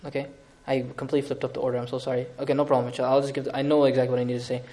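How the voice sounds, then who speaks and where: An Islamic teacher gives an animated lecture on scripture, racing along in a mid-range male voice. He retells events with lively drama and slips in laughing asides.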